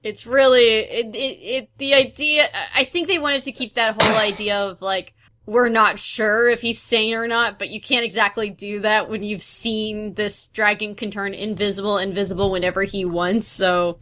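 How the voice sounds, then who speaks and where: A woman co-hosting a casual podcast about a film, chatty and halting, with restarts. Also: medium pitch, steady tone, pushed and bright. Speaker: podcast co-host.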